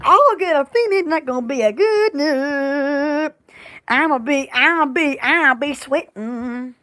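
A woman's voice: high voice, measured pace, a bit bright. A woman chatting casually on a live store video, giggly and silly, drawing out words playfully. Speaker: store vlogger.

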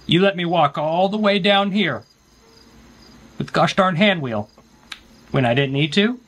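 A man's voice: fairly high pitch, unhurried, a bit bright, breathy edge. A man streaming a horror game, joking and talking back to the game's characters in playful commentary.

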